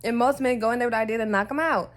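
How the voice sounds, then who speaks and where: A woman's voice: fairly high pitch, steady tone, rapid-fire. A woman from the United States talking at home in a casual opinion vlog, emphatic and blunt, swearing freely and rambling with lots of fillers. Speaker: vlogger.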